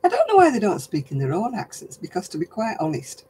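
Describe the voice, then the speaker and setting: A man's voice: high voice, wildly swooping pitch, fast, dark tone, breathy edge, poor audio. An older man hosting a casual livestream chat, talking in a rambling, chatty way and laughing often. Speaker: host.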